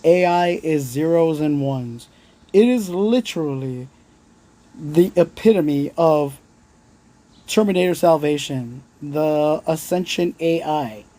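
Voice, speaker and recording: A man talks straight to his viewers on a phone livestream, blunt and earnest, dropping the odd swear word. His voice is dark and mellow but sits slightly high. It is casual, heartfelt motivational talk. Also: takes it slowly. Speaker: livestream host.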